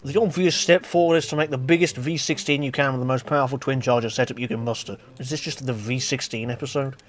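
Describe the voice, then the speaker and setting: A man giving casual, exasperated gameplay commentary as a gaming channel host, often bursting into shouts and laughter at mishaps. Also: medium pitch, steady tone, fast, music in the background. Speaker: gaming YouTuber.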